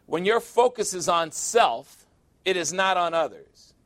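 High-voiced man preaching a joking sermon. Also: animated, unhurried, a bit bright. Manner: conversational and joking, with emphatic asides.

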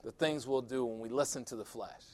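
A man's voice: mid-range voice, a little fast, darkish tone. Blunt older male preacher. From Chicago. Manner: storytelling, blunt and wry, acts out quotes. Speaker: pastor. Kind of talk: sermon.

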